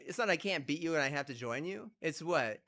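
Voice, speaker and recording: A man's voice: on the high side, lively intonation, a little fast, bright, forceful tone. A man streaming a game, ranting heatedly and profanely, with repeated rhetorical questions. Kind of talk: ranting chat while gaming.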